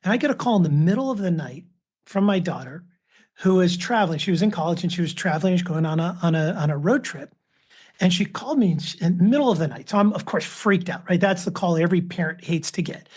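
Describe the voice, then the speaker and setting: A man's voice: sits high, expressive, fast, a little mellow, slightly rough. A man in his fifties, a father and author, telling stories as a guest in a casual podcast interview. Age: 50s. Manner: anecdotal, acts out quoted voices.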